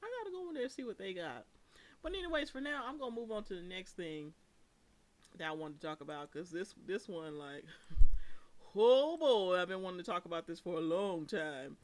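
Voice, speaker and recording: Host, casual gossip recap, mid-pitched, talkative, loose and playful. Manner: chatty, laughing, drawn-out asides, calls listeners honey. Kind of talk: casual reality TV commentary.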